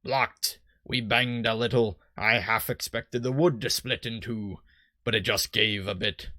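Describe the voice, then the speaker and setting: A man voicing a gruff, weathered male harbor captain in a rough pirate-style put-on voice, reading game dialogue aloud. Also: on the low side, fairly even intonation, measured pace, bright, forceful tone, no echo, studio quality.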